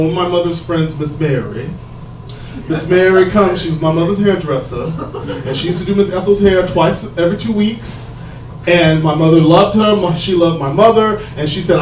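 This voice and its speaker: A man telling a stand-up comedy story, animated, swinging from quiet asides to shouted punchlines, on a stage. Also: sits high. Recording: roomy live stage sound from a distance, audible noise.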